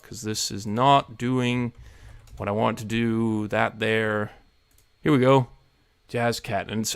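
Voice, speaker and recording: A man hosting a relaxed live radio stream, talking in a rambling, self-mocking way. His voice has a gravelly edge. The sound is dry and close. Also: medium pitch, no room sound. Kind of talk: casual live-stream chat.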